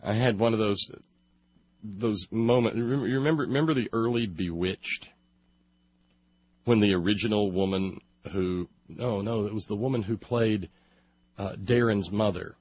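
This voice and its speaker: A man's voice: on the low side, moderate pace, breathy edge, no echo. A man telling a long sarcastic monologue, building to comic outbursts. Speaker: radio commentator. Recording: muffled lo-fi recording.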